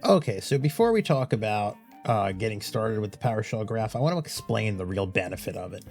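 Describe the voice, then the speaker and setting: A man's voice: on the low side, expressive, a little fast, a little mellow, faint music behind. A man hosting a tech tutorial in a loose, rambling way, full of "you know"s and "uh"s. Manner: rambling, filler-heavy, with many "you know"s and "uh"s. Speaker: tech YouTube host. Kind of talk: casual tutorial talk.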